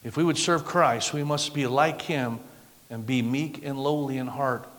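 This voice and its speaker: A middle-aged man preaching a sermon with a loud, projecting voice, acting out the voices of the people he quotes. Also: mid-range voice, a little slow. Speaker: pastor. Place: church sanctuary. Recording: long hall reverb.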